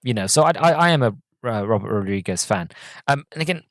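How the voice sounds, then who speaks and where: A man in his twenties hosts his own podcast, chatting through a film review on his own. He rambles eagerly and leans on fillers as he goes, in a middle-pitched voice. The sound is dry, with no room around it. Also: lively intonation, fast talker, fairly bright tone, dry recording. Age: 20s. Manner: rambling and enthusiastic, heavy on fillers. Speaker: podcast host. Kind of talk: casual solo film review.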